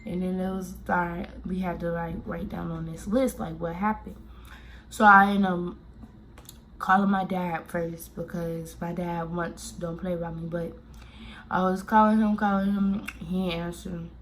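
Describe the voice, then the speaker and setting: A woman from Miami telling a story-time vlog, talking casually and circling back with lots of "like" and restarts. Her voice sits slightly low, with faint background hiss. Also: fairly even intonation, measured pace. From Miami, Florida. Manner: rambling, full of "like" fillers and restarts. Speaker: vlogger telling a personal story.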